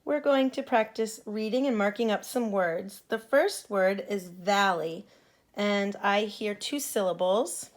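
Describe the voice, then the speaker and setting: A woman teacher giving a patient phonics lesson to young students, modeling sounds clearly for them to repeat. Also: mid-range voice, unhurried.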